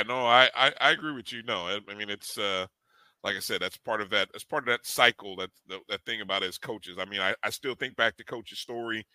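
A man's voice: on the low side, pushed and bright, no room sound, rough recording. A middle-aged man co-hosting a sports podcast, easygoing, with stammering restarts. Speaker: podcast co-host.

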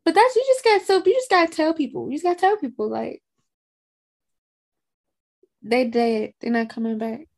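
A woman's voice: sits high, moderate pace, long pauses, a little mellow. A woman co-hosting a podcast in casual chat, blunt and heated, with a lot of swearing. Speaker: podcast co-host. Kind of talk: casual chat recapping a film.

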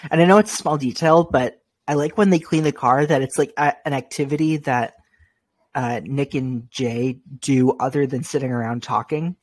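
A man co-hosting a film podcast, chatting in a relaxed, tentative way. His voice is husky and the sound is dry and close. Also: mid-range voice, normal speed, no echo. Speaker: podcast host. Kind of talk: casual film chat.

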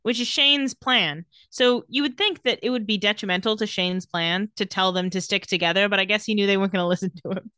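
A playful woman in casual podcast chat, retelling scenes from a show and slipping into the characters' lines with a laugh. Her pitch sits in the middle of the usual range. The mic is close and dry, with no room sound. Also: sharp tone, smooth, no echo. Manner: playful, quick to laugh, acts out quotes lightly. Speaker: podcast co-host recapping a TV episode.

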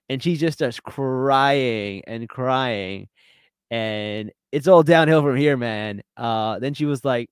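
A man's voice: mid-range voice, clean tone, no echo, studio quality. A man co-hosting a podcast, retelling a dating show finale in casual chat, laughing a lot and acting out the quotes. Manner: animated storytelling, laughs often, quick reenacted quotes. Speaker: podcast co-host.

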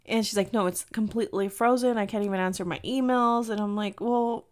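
A woman in her thirties with a Mexican-American accent, hosting a podcast and telling a travel story in a chatty, animated way, slipping into Spanish now and then. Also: medium pitch, a little fast. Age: 30s. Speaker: podcast host. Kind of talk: casual storytelling chat.

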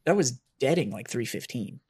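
A man's voice: mid-range voice, animated, moderate pace, darkish tone, husky. A man co-hosting a podcast in casual chat, swearing freely and trailing off mid-sentence. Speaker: podcast co-host.

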